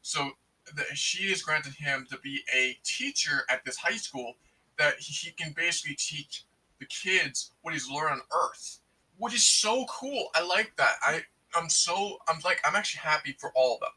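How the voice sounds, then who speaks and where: A man excitedly recapping a movie in casual, rambling speech full of fillers and restarts. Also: fairly high pitch, moderate pace, slightly rough, distant mic, low-quality recording. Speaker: movie reviewer.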